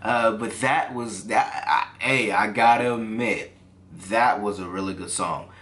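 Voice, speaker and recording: A man giving casual reaction commentary on songs, easily excited and breaking into exclamations. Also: fairly low pitch, unhurried. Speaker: music reaction reviewer.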